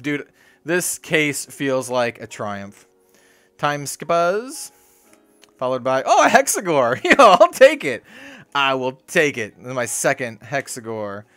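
A young man chats his way through opening card packs, rambling and easily excited. He sounds worked up and sweaty, recorded in a small warm room. Faint music plays behind his ordinary mid-pitched voice. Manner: excitable, rambling, lots of "dude" and "like". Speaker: card-opening video host. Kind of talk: casual case-opening commentary.

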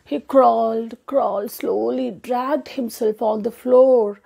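A woman's voice: fairly high pitch, fairly even intonation, takes it slowly, vocal fry, warm tone. A woman narrating a children's story expressively, adding spoken sound effects.

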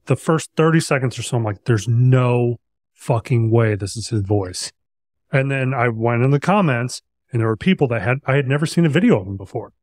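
A man's voice: medium pitch, no echo, clean studio sound. A man hosting a podcast, chatting casually, rambling and swearing as he tells a story. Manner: rambling, profane, with restarts. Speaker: podcast host.

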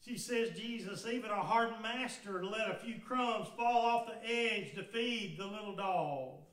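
A man with a Southern US accent preaching a sermon as pastor, building to fervent shouted peaks, recorded in a church sanctuary from a distance. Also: sits high, measured pace. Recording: echoey church from far off.

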